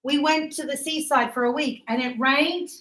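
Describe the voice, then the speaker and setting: A woman's voice: high-pitched, steady tone, moderate pace, fairly bright tone. A woman teaching an English grammar lesson to a class, explaining patiently with examples and encouraging her students. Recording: echoey classroom sound.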